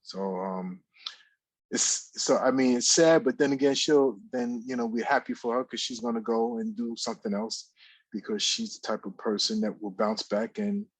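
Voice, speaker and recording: A man's voice: mid-range voice, moderate pace, breathy edge, no room sound, rough recording. A man co-hosting a live talk show, speaking in a rambling way with many fillers and repeated phrases. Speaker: radio show co-host. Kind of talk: casual talk radio commentary. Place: office.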